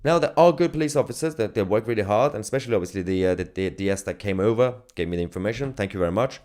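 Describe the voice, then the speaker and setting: A man's voice: on the low side, animated, quick pace, a little mellow. A male independent journalist making an indignant, insistent statement and listing his demands. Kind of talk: impassioned statement to camera.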